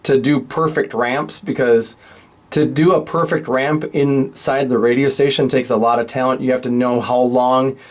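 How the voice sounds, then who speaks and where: A man leads a relaxed walkthrough of how radio work is done. He talks loosely and thinks aloud, with a mid-range voice that stays plain and unforced. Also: mid-range voice, moderate pace. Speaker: radio teacher. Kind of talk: casual screen-share tutorial.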